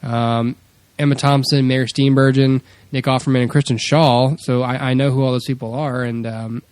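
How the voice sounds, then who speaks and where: A man's voice: medium pitch, little pitch movement, normal speed, darkish tone, clean tone, no echo. A man co-hosting a podcast in casual chat, rambling and laughing often as he acts out quotes. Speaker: podcast co-host.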